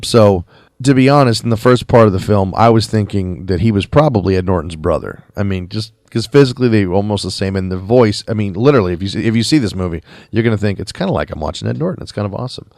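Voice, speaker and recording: A man talks through a film review on his podcast, rambling along and dropping into quick imitations of the characters. His voice sits low but moves around a lot in pitch. The sound is dry and close, with no room around it. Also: lively intonation, a little mellow, no room sound. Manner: rambling, conversational, with quick mimicked quotes. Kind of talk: casual spoken review. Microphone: podcast mic.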